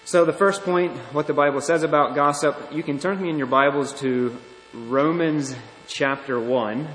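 A man preaching a sermon as pastor, earnest and deliberate, often restarting his phrases. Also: on the high side, steady tone, a bit bright, a little hiss or hum. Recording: echoey hall.

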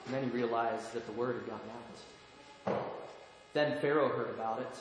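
A man preaching a sermon in an animated way, putting questions to the congregation. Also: mid-range voice, normal speed. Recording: echoey hall, faint room noise.

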